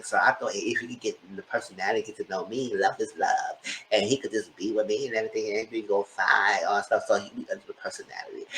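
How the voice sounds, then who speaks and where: A man voicing a timid, soft-spoken person who mumbles a rushed confession in a quiet, lower voice. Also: a little hiss or hum, poor audio.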